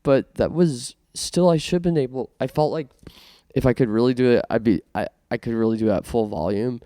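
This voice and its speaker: A man's voice: mid-range voice, fairly quick, mellow, no room sound, studio quality. A man from Canada hosting a casual podcast monologue, self-conscious and rambling with many restarts. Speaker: podcast host.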